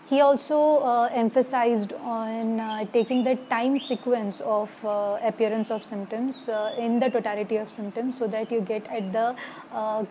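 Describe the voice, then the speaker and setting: High-pitched Indian woman lecturing hesitantly. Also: warm tone, slight background noise. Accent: Indian English. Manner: hesitant, many fillers, switches between English and Hindi. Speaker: homeopathy lecturer. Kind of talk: casual online lecture.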